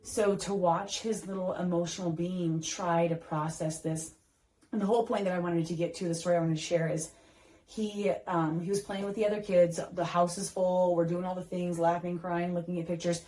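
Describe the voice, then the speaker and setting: A woman's voice: on the low side, fairly even intonation, normal speed, mellow, low-quality recording. A woman in her thirties, a podcast host, telling a heartfelt family story in a casual chat, with lots of fillers and restarts.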